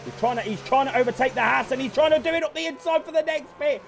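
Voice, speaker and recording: A man giving excitable, swear-filled live commentary on a sim race, often laughing in disbelief. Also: very high voice, fairly quick, creaky, slight background noise.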